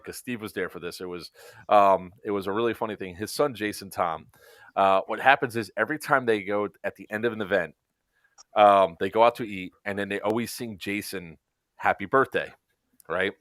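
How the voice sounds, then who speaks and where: A man co-hosting a casual podcast, telling stories in an animated way and acting out quotes. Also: on the low side, brisk, no room sound. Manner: animated storyteller, acts out quotes. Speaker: co-host. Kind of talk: casual podcast chat, storytelling.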